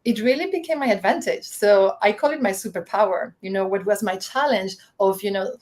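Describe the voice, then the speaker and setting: A woman's voice: mid-range voice, brisk, a little mellow. A woman from the Canary Islands, a guest in a casual interview, speaking reflectively with frequent restarts. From Canary Islands, Spain. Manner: reflective, many restarts and reported dialogue.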